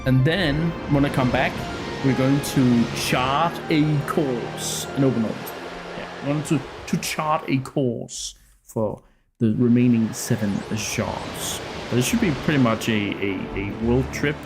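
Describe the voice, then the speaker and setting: Casting: a slow-talking, gravelly man streaming a game, rambling and self-amused. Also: medium pitch, low-quality recording. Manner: rambling, self-amused, stumbling over words. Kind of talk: casual gameplay commentary. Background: game music.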